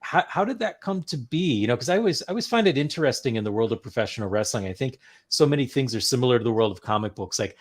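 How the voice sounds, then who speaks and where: A man's voice: medium pitch, animated, racing, few pauses. A male podcast host who asks long, rambling questions with a lot of enthusiasm. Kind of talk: casual interview chat.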